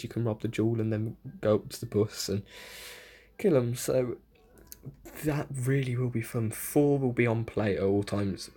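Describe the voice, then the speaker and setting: Chatty man reading patch notes. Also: fairly low pitch. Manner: casual, excitable asides between read-out notes. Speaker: gaming video creator.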